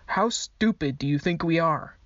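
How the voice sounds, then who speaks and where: A woman's voice: low-pitched, lively intonation, moderate pace, no echo. A woman voicing an irritable, tense young man who snaps at others. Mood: irritated. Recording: dull lo-fi dry recording.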